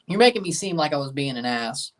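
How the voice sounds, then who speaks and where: Far from his mic, a man with a Southern US accent hosts a live soccer watchalong, chatting casually, answering his viewers and calling out the match minutes. His voice is a little high, and he talks very fast and very animatedly.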